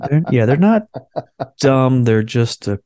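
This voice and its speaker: A man's voice: mid-range voice, sing-song, takes it slowly, dark tone, no echo, studio quality. A man co-hosting a podcast, musing wryly and sarcastically in casual comedic chat. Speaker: podcast co-host.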